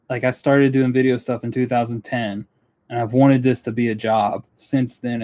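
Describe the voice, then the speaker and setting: This young man has a mid-range, slightly mellow voice. A woodworking YouTuber from Western North Carolina, he chats casually to viewers during a live stream from his indoor studio workspace, rambling earnestly and interrupting himself as he goes.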